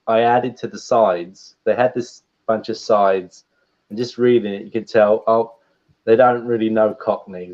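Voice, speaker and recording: A man, a guest voice actor, chatting in a relaxed, rambling way on a livestream call, laughing often. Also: fairly low pitch. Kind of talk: casual livestream chat. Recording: dull lo-fi stream audio.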